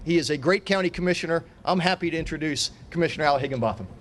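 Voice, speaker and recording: Middle-aged man, high voice, formal podium speech as mayor, emphatic and repetitive, faint room noise. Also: very fast, fairly bright tone.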